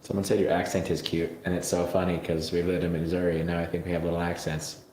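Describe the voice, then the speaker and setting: Man, very low voice, co-host, casual, jokey, echoey room. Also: flat delivery, quick pace, a little mellow, a little hiss or hum. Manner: easygoing, jokey, laughs often. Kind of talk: casual chat.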